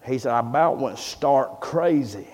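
A man's voice: medium pitch, lively intonation, measured pace, darkish tone. A man preaching a sermon, telling a long story and acting out the voices of the people in it. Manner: folksy storyteller, acts out quoted voices. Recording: long hall reverb.

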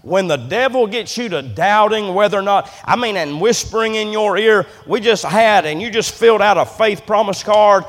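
A male pastor preaching a sermon in a church, impassioned, repeating words and swinging between loud and soft. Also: high voice, animated, normal speed, hardly any pauses. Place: church sanctuary. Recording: long hall reverb.

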